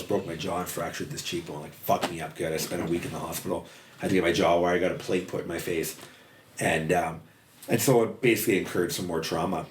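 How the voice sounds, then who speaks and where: Very deep-voiced man telling rough stories. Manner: rambling, profane, heavy use of "like". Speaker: podcast guest. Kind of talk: candid storytelling about addiction. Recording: roomy, distant mic, faint background noise.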